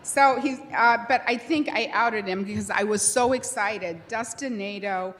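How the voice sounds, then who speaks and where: A woman's voice: mid-range voice, moderate pace. Woman, university president, graduation speech, conversational storytelling, podium mic. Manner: warm storytelling, proud, conversational. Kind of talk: commencement speech. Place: large ceremony hall.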